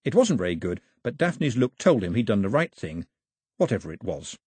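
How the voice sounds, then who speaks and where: Husky, lively male audiobook narrator. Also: fairly low pitch, moderate pace, no room sound, clean studio sound. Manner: lively, expressive storytelling. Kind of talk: scripted narration. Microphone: close studio mic.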